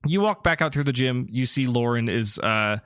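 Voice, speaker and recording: A man narrating a tabletop role-playing game as the game master, in a relaxed, rambling way with many fillers. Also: mid-range voice, moderate pace, clean tone, no room sound, clean studio sound.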